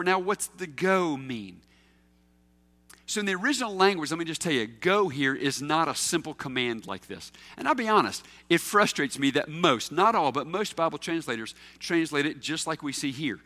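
A man's voice: fairly high pitch, sharp tone, in a large hall. A man preaching a sermon as a pastor, emphatic and teacherly, asking his listeners questions.

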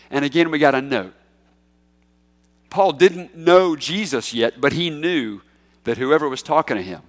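A pastor delivers an expository sermon, working through a passage of scripture in a voice a little higher than most men's. He speaks emphatically and swells to loud peaks on key lines, with the long reverb of a large church hall around him.

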